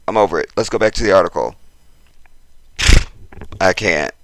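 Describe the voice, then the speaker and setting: A man's voice: low voice, unhurried, a bit bright, a little hiss or hum. A man hosting a casual commentary video, talking straight to his viewers and getting worked up as he repeats himself. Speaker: channel host.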